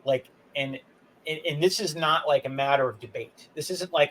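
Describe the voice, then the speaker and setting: A man's voice: fairly high pitch, normal speed, fairly bright tone, a little hiss or hum, poor audio. Indignant storytelling podcast man. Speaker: podcast co-host. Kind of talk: casual podcast banter.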